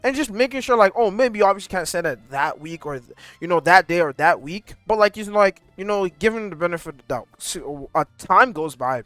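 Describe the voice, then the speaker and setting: A young man giving casual commentary on online drama, slangy and animated as he tells the story. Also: high voice, brisk, no room sound, soft background music. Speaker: commentary YouTuber.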